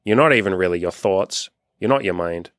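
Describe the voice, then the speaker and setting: A man's voice: low-pitched, lively intonation, brisk, a bit bright, no room sound, studio quality. A young man hosting as a dating coach, talking casually and profanely and acting out the voices of people he quotes. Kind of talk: casual podcast conversation.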